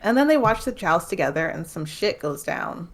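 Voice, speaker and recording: A woman with a lowish voice recaps a novel's plot in a casual book club stream. Her pitch swings widely as she talks. She is chatty and blunt, and she slips into acted quotes. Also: big pitch swings, normal speed.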